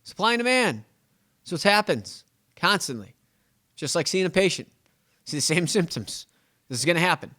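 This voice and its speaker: Rambling, self-mocking man. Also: fairly high pitch. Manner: rambling, animated, self-mocking, acts out client dialogue. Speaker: real estate agent and podcast host. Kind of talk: casual podcast monologue.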